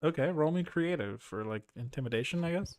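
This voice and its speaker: A man narrating as game master of a tabletop role-playing game, relaxed, with many fillers and frequent laughs. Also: a little high, brisk, no echo, studio quality.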